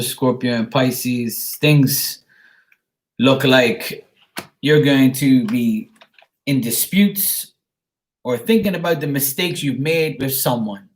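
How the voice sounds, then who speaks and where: A man giving a live-streamed tarot card reading, talking frankly and greeting his viewers by name. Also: mid-range voice.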